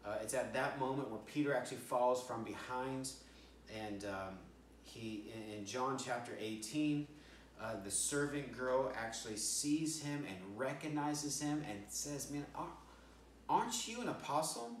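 An American man preaching in a roomy church hall, heard from some distance off the mic. He tells the story in a halting way, repeats words, and briefly acts out the voices of the people in it. His pitch sits in a middle range for a man. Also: slight background noise. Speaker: pastor. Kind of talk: storytelling sermon. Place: church sanctuary.

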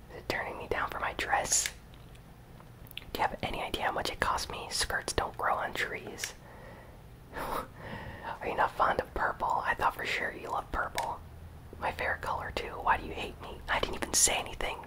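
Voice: normal speed, pauses often, close to an everyday voice, low-quality recording. A whisperer reading aloud a clingy, moody young alien woman from a game, in whispered role-play. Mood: reproachful. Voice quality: soft unvoiced whisper.

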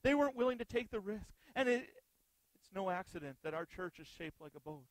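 A man's voice: high-pitched, lively intonation, brisk, dry recording, poor audio. A male pastor preaching an earnest sermon, often putting rhetorical questions to the congregation.

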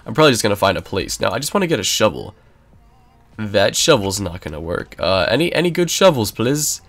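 A young man giving casual, rambling gameplay commentary, excitable and prone to sudden yelps. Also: lowish voice, brisk, faint music behind. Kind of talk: casual let's-play commentary.

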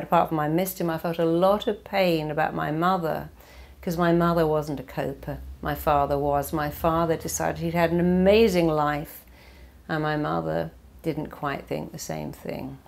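A middle-aged woman giving a motivational talk, who acts out the voice of the mind in lively quoted asides. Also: low-pitched, creaky. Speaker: motivational speaker. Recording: long hall reverb.

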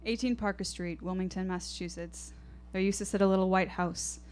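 A woman's voice: mid-range voice, fairly even intonation, fairly quick, darkish tone, a little hiss or hum. A woman in her twenties telling a first-person story on stage, vivid and reflective. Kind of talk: live storytelling performance. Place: stage at a live show.

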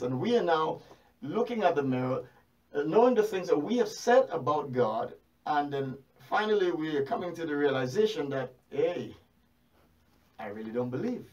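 A man preaching a sermon in an animated way, firing rhetorical questions and repeating phrases for emphasis. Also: on the high side, normal speed, recorded from a distance, poor audio.

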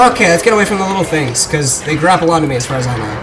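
A gamer giving let's-play commentary, jumpy and shouting curses at enemies. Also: mid-range voice, expressive, racing, hardly any pauses, heavy background noise.

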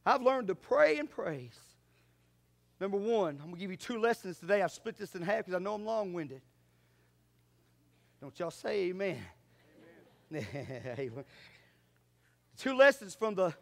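A man preaching a sermon in church, fervent and calling out to his congregation. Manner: fervent preaching that swings from loud exhortation to low asides. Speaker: pastor. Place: church sanctuary.

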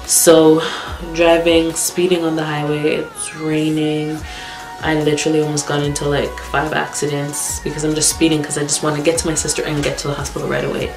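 A woman's voice: low voice, flat delivery, a little fast. A young woman telling a personal story for her vlog in a candid, raw way and swearing bluntly. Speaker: vlogger. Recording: roomy echo with background music.

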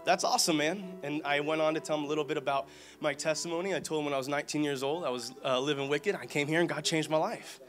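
A young man telling his testimony to a church congregation, excited and storytelling, growing loud with praise. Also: on the high side, fast, soft background music. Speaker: church member giving a testimony.

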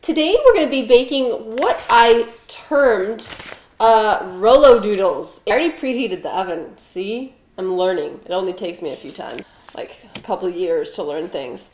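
A woman's voice: mid-range voice, animated, normal speed, a little mellow, reverberant, slight background noise. Chatty woman rambling through a silly baking vlog. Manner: silly, rambling, jokey asides. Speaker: host of a home baking show. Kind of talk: joking kitchen vlog. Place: home kitchen.

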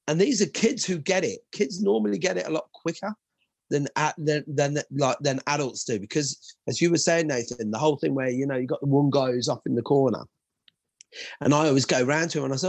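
A husky-voiced man in a casual show chat about martial arts, jumping into different voices as he retells his classes. The sound is dry and close, with no room around it. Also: a little high, fairly quick, no room sound. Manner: lively storyteller who acts out quoted voices. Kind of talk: animated podcast chat with acted-out anecdotes.

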